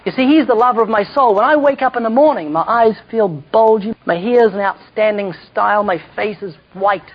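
A man's voice: high voice, moderate pace, hardly any pauses, husky. A man preaching a humorous sermon with storytelling, jokey asides and self-mocking slips, heard in a dull lo-fi recording.

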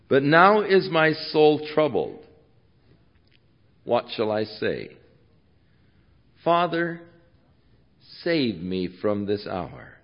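A man preaching a sermon, reading and explaining scripture, swinging from hushed to loud. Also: mid-range voice, lo-fi sound.

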